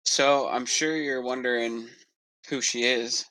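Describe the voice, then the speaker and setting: A man playing a grieving, protective male adventurer, telling a slow, halting story in character during a tabletop role-play. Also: mid-range voice, steady tone, bright, forceful tone, no echo, low-quality recording. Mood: somber.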